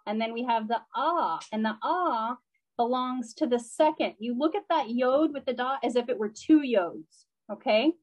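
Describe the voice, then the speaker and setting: Higher-voiced woman teaching a live class. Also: moderate pace, low-quality recording. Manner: patient explaining, frequent fillers and check-ins. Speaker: language teacher. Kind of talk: live online class instruction.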